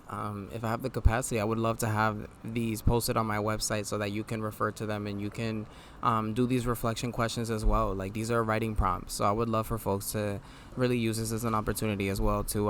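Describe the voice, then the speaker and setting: A weary man with a nasal voice and a lowish pitch hosts a podcast on his own. He muses casually and reads affirmations in an unhurried way. A faint ambient hum sits under his voice. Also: steady tone. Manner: low, laid-back delivery with mild swearing. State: tired. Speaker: podcast host. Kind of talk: casual reflective monologue, reading affirmations aloud.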